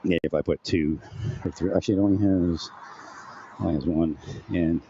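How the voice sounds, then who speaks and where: A man's voice: low-pitched, fairly even intonation, a little fast, vocal fry, mellow, highs cut off, a little hiss or hum. A man rambling through a personal monologue into his own mic at home, distracted and restarting often. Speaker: vlogger. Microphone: home recording setup with phantom-powered mic.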